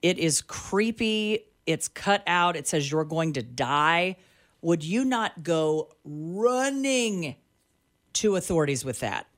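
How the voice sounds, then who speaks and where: A woman's voice: lowish voice, expressive, slow, no room sound, studio quality. A woman co-hosting a talk radio show, chatty and emphatic, who also reads ads. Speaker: radio co-host. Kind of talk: talk radio chat and live read ads.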